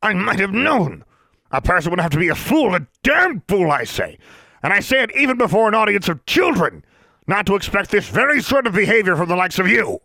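Blustering, pompous bearded giant of a man, shouting high and wild, as the reader puts him on, dry close sound. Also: very animated, a little fast, no echo, heavily acted. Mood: bellowing rage. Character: huge pompous bearded man, furious official.

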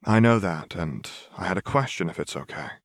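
A man's voice: sits low, animated, moderate pace, no room sound, studio quality. A man reading the part of a young woman graduate who speaks in a polite, eager way. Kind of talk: audiobook reading of fan fiction.

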